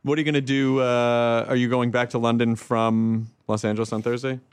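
A man from the American South hosting a casual interview, animated and playful. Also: mid-range voice, fairly quick, clean tone, no room sound. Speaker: host. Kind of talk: casual chat.

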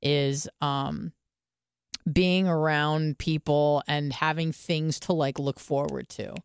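A woman's voice: low-pitched, steady tone, takes it slowly, smooth, dry recording. A young woman co-hosting a podcast, chatting casually, rambling and swearing with lots of fillers. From United States. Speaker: podcast co-host. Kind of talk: casual chat.

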